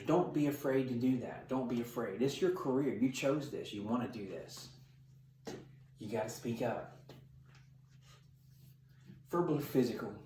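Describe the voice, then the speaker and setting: Here the middle-aged corrections sergeant has a mid-range voice with a darkish tone, delivering blunt, emphatic, tough-talking training advice straight to camera as instruction. There's a little hiss or hum, and the sound is roomy from a mic placed at a distance.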